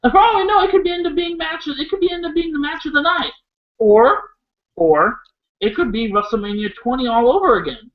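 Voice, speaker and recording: A man's voice: very high voice, fairly quick, lo-fi sound. A man from Iowa co-hosting a casual wrestling chat, rambling and swearing freely as he goes off topic. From Iowa, USA. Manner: rambling, profane, excitable. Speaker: wrestling show co-host.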